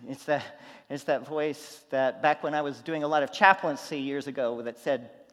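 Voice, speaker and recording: A man preaching a sermon, telling stories, going from loud and animated to quiet and soft. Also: a little high, normal speed, in a large hall. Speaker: pastor.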